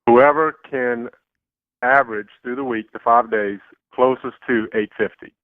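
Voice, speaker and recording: A man's voice: mid-range voice, steady tone, unhurried, dry recording. A man calling in as a guest, explaining things plainly and easily with fillers. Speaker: guest racer on phone. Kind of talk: casual phone interview. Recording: tinny phone line.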